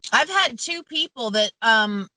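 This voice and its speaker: A woman's voice: fairly high pitch, animated, a little slow, sharp tone, no echo, rough recording. A woman chatting casually as a podcast guest, blunt and sweary, laughing often. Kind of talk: casual chat.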